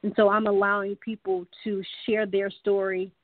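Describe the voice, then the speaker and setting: A woman author, a guest on a radio interview, speaking haltingly with many fillers and restarts. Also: medium pitch, flat delivery, no echo. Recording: tinny phone line.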